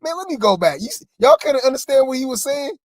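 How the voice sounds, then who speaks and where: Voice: high-pitched, sing-song, fast, darkish tone, dry recording, studio quality. A co-host giving casual gossip commentary, rambling and exasperated, often talking straight to the listeners.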